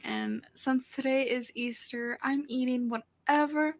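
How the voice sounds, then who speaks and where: A woman's voice: high-pitched, fairly even intonation, moderate pace, hardly any pauses. A woman vlogging in a casual, chatty, self-conscious way, heard from an older vlog clip. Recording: old vlog clip played back.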